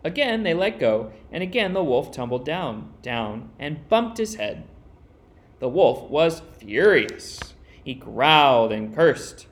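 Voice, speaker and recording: A man reading a children's picture book aloud as storyteller, expressive and with dramatic pauses. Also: fairly high pitch.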